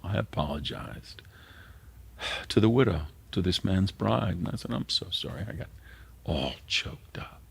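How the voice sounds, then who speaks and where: A man's voice: low-pitched, vocal fry, husky. An older man preaching a sermon as pastor, earnest and emotional, sometimes dropping to a whisper. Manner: earnest, emotional, drops to a whisper at tender moments.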